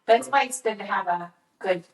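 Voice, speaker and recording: A woman's voice: mid-range voice, normal speed. A middle-aged woman in escrow, chatting casually on a podcast and telling stories about her work and family. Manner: chatty, storytelling, laughs easily. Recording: echoey room, distant from mic.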